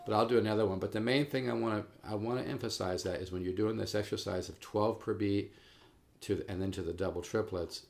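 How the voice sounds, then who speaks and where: A man with a low, gravelly voice walks his viewers through a guitar lesson. He talks in a relaxed, encouraging way and calls them folks. A faint guitar plays behind him. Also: fast. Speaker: guitar teacher. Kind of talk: casual video guitar lesson. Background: guitar playing.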